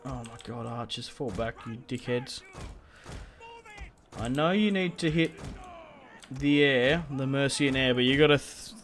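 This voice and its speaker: A man's voice: mid-range voice, a little slow, long pauses, fairly bright tone, slight background noise. Man muttering battle orders. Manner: chatty, muttering orders to his troops. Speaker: gaming video creator. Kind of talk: casual gameplay commentary.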